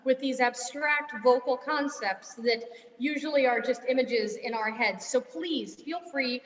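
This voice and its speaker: A young woman directing a choir warm-up over a video call, encouraging and full of vivid images. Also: high voice, a little slow. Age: young adult. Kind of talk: vocal warm-up instruction. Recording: roomy dull video-call audio.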